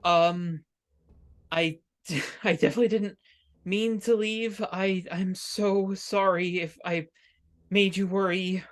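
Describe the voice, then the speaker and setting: A woman voicing a confused, apologetic young man in a tabletop game, speaking haltingly. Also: medium pitch, fairly even intonation, pitched above the performer's own voice, natural voice.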